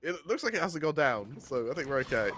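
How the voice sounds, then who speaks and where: A man giving color commentary on an esports match, jokey with deadpan asides and frequent laughter. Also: a little high, a little fast, slight background noise. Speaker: esports co-caster.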